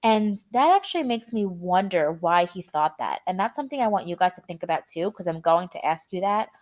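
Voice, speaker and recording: A woman's voice: on the low side, animated, a little fast, a little mellow. A young woman teacher reading a chapter aloud to her students and explaining words in a casual, chatty way.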